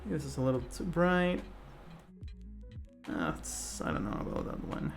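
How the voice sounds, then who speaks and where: A live-stream host chatting casually while drawing, rambling with many fillers and self-corrections and often breaking into laughter and excited greetings. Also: medium pitch, a little slow, vocal fry, over music. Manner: laughs easily, with sudden excited outbursts.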